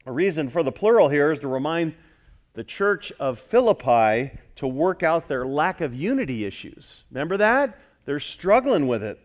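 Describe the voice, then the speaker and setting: A man preaching a sermon as pastor, emphatic, repeating key phrases and swinging from loud urging to hushed, earnest asides. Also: fairly high pitch, big pitch swings, normal speed.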